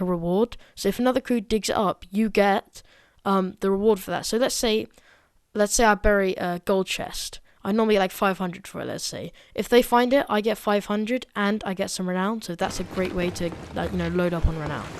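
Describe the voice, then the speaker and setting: A student woman giving a casual, chatty review of a game update, excitable and full of fillers. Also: mid-range voice, no room sound. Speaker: gaming video creator.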